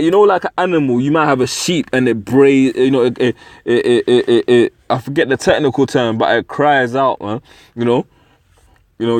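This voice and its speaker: A man's voice: mid-range voice, dry recording. A man giving a profane, ranting religious commentary, tagging "man" onto his sentences and laughing mid-sentence. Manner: profane, repeats "man" constantly. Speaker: online preacher.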